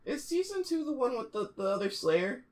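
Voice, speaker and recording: Casting: man, very animated pitch, casual co-host who keeps interjecting. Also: fairly quick. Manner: chiming in with short agreements and corrections. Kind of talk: casual chat.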